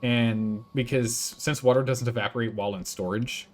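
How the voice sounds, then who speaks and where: A man's voice: medium pitch, fairly even intonation, normal speed, a little hiss or hum. A man casually commentating his building game on a live stream, thinking aloud, answering chat and laughing often.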